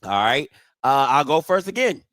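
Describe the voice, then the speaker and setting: A man's voice: fairly high pitch, big pitch swings, moderate pace, a bit bright, no echo, clean studio sound. A man co-hosting a sports talk show, chatting casually with a playful, teasing manner. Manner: playful, teasing back-and-forth.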